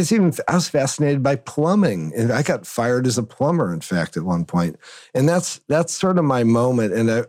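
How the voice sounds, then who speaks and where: A man from Northern Illinois, a guest on a podcast interview, telling stories in an animated way with big swings in pitch. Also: no room sound. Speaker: guest, agency consultant and author.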